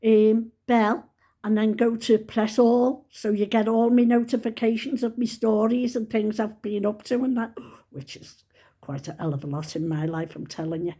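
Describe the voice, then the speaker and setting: Chatty husky woman in her seventies. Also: on the high side, steady tone, normal speed, mellow. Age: 70s. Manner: chatty and rambling, fondly addressing followers. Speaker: vlogger. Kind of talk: casual chat to camera.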